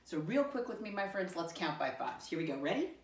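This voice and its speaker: A woman with a rather low voice talks young children through a lesson, warm in her encouragement, slowing down to spell words out letter by letter. She sounds set back from the mic, and her voice rings around an echoey room. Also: lively intonation, vocal fry, far from the mic. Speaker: teacher.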